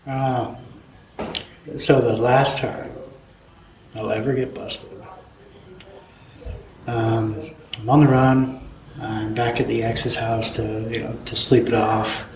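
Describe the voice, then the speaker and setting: Man telling his story quietly in an echoey room. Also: mid-range voice, little pitch movement. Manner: quiet, halting storytelling with many fillers. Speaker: former student turned staff member. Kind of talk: personal testimony. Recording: echoey room with clear background noise.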